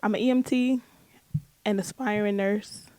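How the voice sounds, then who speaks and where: A woman's voice: mid-range voice, steady tone, normal speed, no echo. A woman guesting on her husband's faith podcast, speaking in a modest, earnest way. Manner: modest, soft-spoken, earnest.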